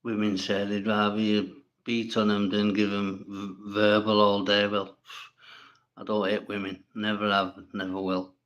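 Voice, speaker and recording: A man's voice: on the low side, monotone, a little slow, fairly bright tone, dull audio. A man hosting a casual livestream, reading viewers' comments and answering them bluntly, with plenty of swearing and rambling. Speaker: livestream host.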